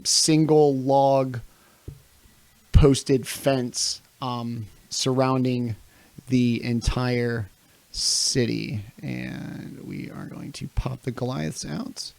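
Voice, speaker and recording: A man narrating a tabletop game as dungeon master, pausing often with ums while describing scenes. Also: medium pitch, gravelly, darkish tone, dry recording. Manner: slow, with frequent ums and pauses. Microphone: home mic on a livestream.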